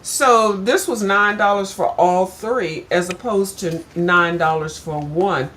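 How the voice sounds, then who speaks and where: A woman's voice: mid-range voice, slow, a little hiss or hum. Chatty older woman telling a story. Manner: chatty, addresses viewers as "girl", animated when retelling. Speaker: vlogger. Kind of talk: casual storytelling chat.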